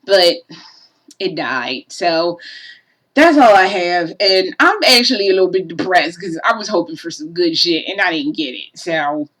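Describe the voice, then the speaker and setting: A woman's voice: on the low side, normal speed, hardly any pauses, fairly bright tone, low-quality recording. A woman giving a casual game review, profane and exasperated, ranting animatedly.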